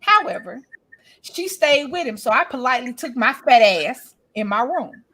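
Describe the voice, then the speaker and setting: A high-voiced woman in her forties tells a story in a loose, casual chat. She is blunt and profane and jumps between the voices of everyone in the story, now loud, now quiet. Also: normal speed, a crowd in the background, low-quality recording. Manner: animated, blunt and profane, acting out both sides of arguments. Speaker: podcast co-host.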